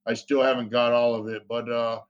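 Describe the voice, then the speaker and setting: A man's voice: medium pitch, level tone, brisk, smooth, dull audio. A man, an interview guest, telling stories in a casual, rambling way, with lots of fillers and swearing. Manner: rambling, profane, many fillers. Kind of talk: casual storytelling.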